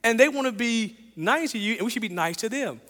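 High, bright-voiced man preaching. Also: fairly quick, long reverb tail. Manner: animated storytelling, repeats phrases, chuckles. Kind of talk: sermon with personal story.

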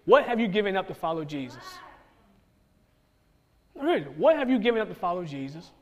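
A man pastor preaching a conversational sermon to his church, with many restarts and bursts of excitement. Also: high voice, big-room sound. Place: church sanctuary.

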